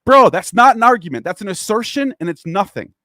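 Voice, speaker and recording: A man's voice: sits high, animated, brisk, bright, forceful tone, no echo, clean studio sound. A man hosting a casual online discussion, talking in a rambling, profane and heated way. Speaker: podcast host.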